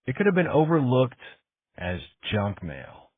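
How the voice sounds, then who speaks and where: A man voicing a cautious middle-aged private investigator who speaks in a measured, questioning way. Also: mid-range voice, wildly swooping pitch, no echo. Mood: probing. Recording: tinny phone-like sound.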